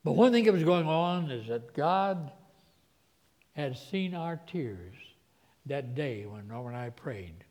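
A man preaching a sermon, telling a personal story, his voice swinging from hushed to loud. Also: on the high side, big pitch swings, takes it slowly, in a large hall.

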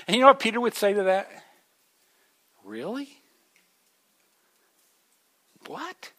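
A man preaching a sermon in a conversational way, restarting phrases, rising to emphatic peaks and then dropping low. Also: very fast, bright, forceful tone. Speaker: pastor.

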